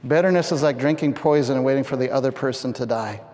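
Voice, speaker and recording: A middle-aged man from Canada preaching a storytelling sermon, animated and acting out scenes with sudden loud shouts. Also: medium pitch, fast. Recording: long hall reverb.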